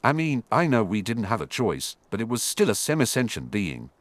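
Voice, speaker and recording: A man plays an anxious, soft-hearted schoolgirl witch, fretting aloud. Her pitch jumps about. The recording is close and dry. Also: sing-song, normal speed, no echo. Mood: fretful. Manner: fretful, exclaiming.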